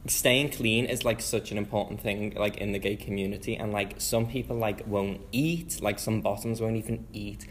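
A young man is chatting earnestly on a podcast, filling his sentences with "like". His voice sits on the low side. Faint ambience hangs behind him. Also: steady tone, moderate pace, few pauses, a little hiss or hum. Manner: earnest, filler-heavy with lots of "like". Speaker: podcast co-host. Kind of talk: casual chat.

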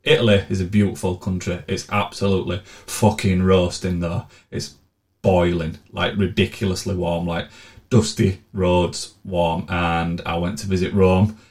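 A man's voice: low voice, little pitch movement, measured pace. A man telling blunt, sweary, sardonic travel stories in a casual monologue. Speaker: vlogger.

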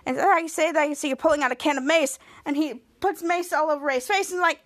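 A woman's voice: high voice, fast, hardly any pauses. A woman hosting a podcast, casually retelling a TV episode and acting out the characters' lines. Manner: acts out characters' lines with lively voices. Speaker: podcast host.

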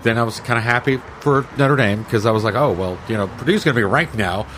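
Halting man, a fan guest on a podcast. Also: mid-range voice, a bit bright, a little hiss or hum. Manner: hesitant, many fillers and restarts, fan talk. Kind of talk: casual sports chat.

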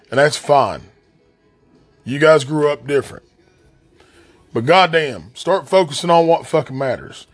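A man from the West Virginia coal fields with an Appalachian accent, hosting a podcast as a blunt, angry, heavily profane solo rant. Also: on the high side. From southern West Virginia coal fields. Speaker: podcast host.

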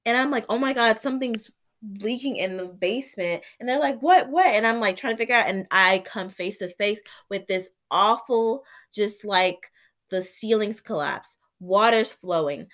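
A young woman vlogs while sick with covid and an ear infection, telling her story casually at a moderate pace. Her medium-pitched voice has a fairly bright tone, and she's chatty, says "like" constantly, and acts out her own reactions.

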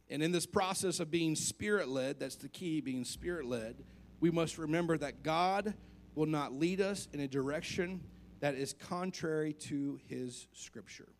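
A man's voice: on the high side, gravelly. A male pastor preaching a conversational sermon, asking the congregation questions and joking along the way.

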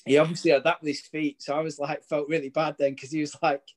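A man's voice: fairly high pitch, flat delivery, quick pace. A British man in his thirties telling rambling, chatty stories. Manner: chatty, rambling storytelling with restarts. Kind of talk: casual chat.

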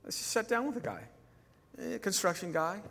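A man's voice: high-pitched, sing-song, fairly quick, a bit bright, long reverb tail. A male pastor preaching a sermon in a conversational way, acting out dialogue when he tells stories.

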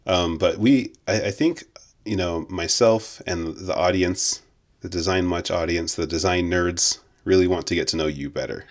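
A man's voice: low voice, moderate pace. A young man co-hosting a podcast in casual, jokey chat, laughing often and using lots of fillers. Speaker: podcast co-host.

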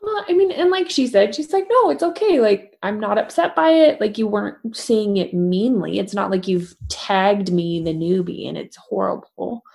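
A woman in her thirties, a veterinarian, chatting casually on a podcast and acting out quotes in animated stories. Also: mid-range voice, moderate pace, gravelly, hardly any pauses. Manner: animated storyteller, acts out quotes.

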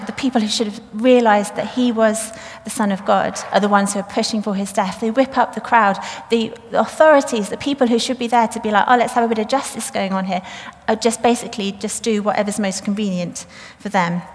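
A woman's voice: medium pitch, fairly even intonation, fairly quick, hardly any pauses. A woman preaching a sermon, retelling the story in a chatty way and reading scripture aloud. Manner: conversational, retells the story plainly with fillers. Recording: long reverb of a church hall.

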